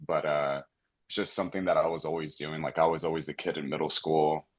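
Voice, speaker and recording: A man's voice: rumbling low, little pitch movement, fairly quick. A man from Texas who is a singer, answering as a podcast guest in an easygoing, hesitant way. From San Antonio, Texas. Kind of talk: casual interview chat.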